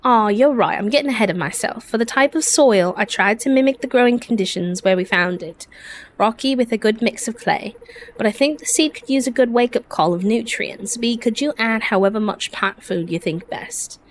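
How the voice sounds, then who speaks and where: A woman putting on a gentle scholar villager in a bad English accent. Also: a little high, moderate pace, slight background noise, close to an everyday voice. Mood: thoughtful. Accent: put-on bad English accent.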